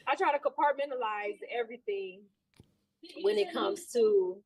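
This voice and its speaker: A woman's voice: on the high side, measured pace, darkish tone, breathy edge, low-quality recording. A woman guest in a casual interview, upbeat and talking freely with many fillers. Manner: upbeat, lots of fillers like "you know". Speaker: guest, trainer and sailor.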